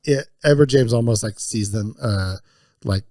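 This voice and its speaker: A man's voice: lowish voice, normal speed, dark tone, dry recording, clean studio sound. A man hosting a podcast in casual chat, talking loosely and laughing often as he recaps scenes. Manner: chatty, laughing often, fond of swearing and quoting scenes. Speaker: podcast host.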